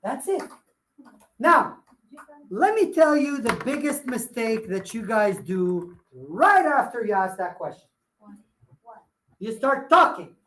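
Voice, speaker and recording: A man's voice: extremely high pitch, sing-song, takes it slowly, long pauses, fairly bright tone, a little hiss or hum. A man coaching salespeople in a live workshop, emphatic and playful, hammering his points home with repetition. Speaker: sales trainer. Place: meeting room with audience. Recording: echoey room.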